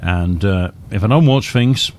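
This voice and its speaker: A game streamer with a lowish, slightly mellow voice casually commentates his gameplay live at a measured pace. He's chatty and mutters asides to himself over spaceship engine and vehicle noise.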